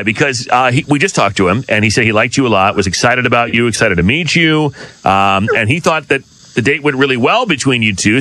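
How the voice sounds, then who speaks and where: A man's voice: medium pitch, pushed and bright, rough recording. A man hosting a radio show, talking in a direct and playfully argumentative way. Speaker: radio host.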